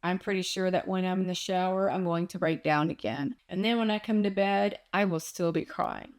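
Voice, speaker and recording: A woman talking in a personal vlog, distressed and close to tears, searching aloud for answers. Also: on the low side. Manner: distressed and searching, slow with many pauses. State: on the verge of tears. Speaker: vlogger.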